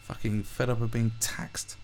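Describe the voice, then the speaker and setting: A man's voice: mid-range voice, flat delivery, measured pace, darkish tone, slight background noise. A man ranting through a commentary video, swearing heavily and often restarting his sentences. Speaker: commentary vlogger.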